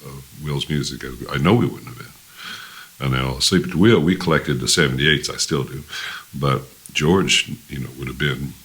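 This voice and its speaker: An older man with an extremely deep voice that still carries a bright, forceful edge. He is a veteran musician spinning rambling anecdotes in an interview, circling back, restarting and chuckling as he goes. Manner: rambling anecdotal storyteller, many restarts and laughs. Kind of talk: storytelling interview.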